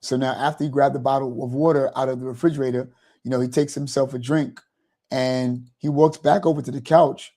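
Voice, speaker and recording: A man's voice: mid-range voice, steady tone, a little fast, mellow. A man hosting a motivational talk, rambling and repeating "you know" as he explains. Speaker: host.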